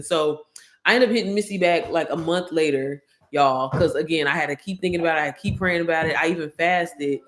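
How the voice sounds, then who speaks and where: A woman's voice: sits low, fairly quick. A woman YouTuber telling a story to her viewers, candid and slangy, swearing freely and calling them y'all.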